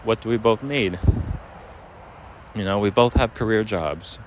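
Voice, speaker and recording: A man's voice: on the low side, measured pace, a little hiss or hum. Earnest rambling young man outdoors. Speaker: boyfriend addressing his partner. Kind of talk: heartfelt apology monologue. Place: outdoors near overhead air traffic.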